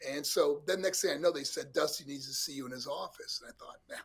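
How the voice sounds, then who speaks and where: Here the ex-wrestler's voice sits on the high side, slightly rough and quick. The man, in his sixties and from New York, USA, tells stories as an interview guest with lots of laughter, animating them by acting out voices.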